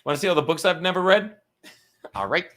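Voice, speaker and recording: A man's voice: high voice, sing-song, a little fast, fairly bright tone. A tired man hosting a casual live stream from home, rambling and swearing, with joking asides to the chat. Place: home room.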